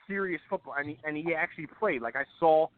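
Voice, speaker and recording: A man's voice: fairly high pitch, fast talker, no room sound. Chatty man on a tinny phone line. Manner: rambling, many fillers and restarts. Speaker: radio show guest. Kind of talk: casual sports chat.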